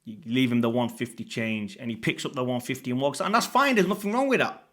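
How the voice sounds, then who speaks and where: A man in his late thirties from the UK, talking casually to camera as a fitness coach, blunt and sweary with lively swings in pitch and loudness. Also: fast talker. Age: 30s.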